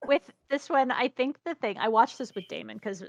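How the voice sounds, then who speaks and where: A woman's voice: a little high, moderate pace, dry recording. A woman on a podcast who shares personal stories in an earnest way. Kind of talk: casual podcast chat.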